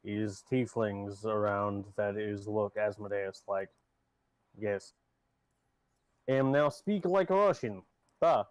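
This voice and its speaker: A man's voice: on the low side, completely flat delivery, slow, no room sound. A man voicing a comic Russian man who talks in clipped, broken English. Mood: deadpan. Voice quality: clipped ungrammatical speech.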